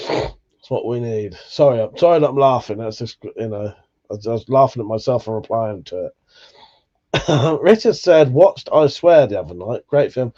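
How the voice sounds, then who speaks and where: Guy reading chat on a stream, swears a lot, mellow tone, kinda muffled audio. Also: mid-range voice. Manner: chatty, swears freely, laughs at himself. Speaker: livestream host. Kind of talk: casual chat reading out viewer comments.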